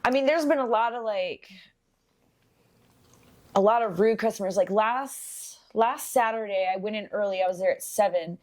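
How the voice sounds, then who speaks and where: A young woman co-hosting a podcast, telling a bartending story in a casual, swearing, animated way. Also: mid-range voice, moderate pace. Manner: swears freely, animated when quoting people.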